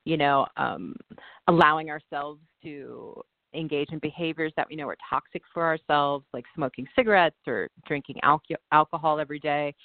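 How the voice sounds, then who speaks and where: A woman talking earnestly in a casual chat, her voice on the low side. She tells stories in a lively way and often starts over mid-sentence. The sound is narrow and phone-like, dry and close. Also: normal speed, no echo. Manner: earnest, animated storytelling with many self-restarts. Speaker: podcast co-host.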